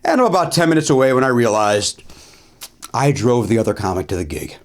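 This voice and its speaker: A middle-aged male comedian and host telling a story in a lively monologue, full of ums and uhs, pushing his voice up to stress the punchlines. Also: fairly quick. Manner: animated, swings pitch up for emphasis, filler-heavy.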